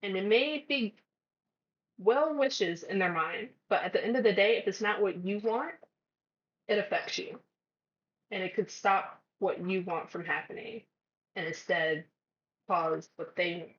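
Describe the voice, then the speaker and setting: A woman's voice: medium pitch, a little slow, pauses often. Chatty woman vlogging, slightly muffled. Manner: chatty, acts out conversations. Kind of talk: casual advice vlog.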